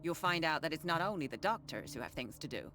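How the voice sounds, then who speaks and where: A man's voice: a little high, lively intonation, fast talker, over music. An actor voicing a curt, unfriendly male asylum worker in a video game.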